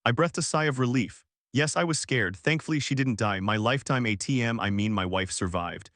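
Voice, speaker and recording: A man's voice: mid-range voice, a little fast, fairly bright tone, no room sound, clean studio sound. A man narrating a story recap in the first person, reading steadily and voicing the quoted dialogue.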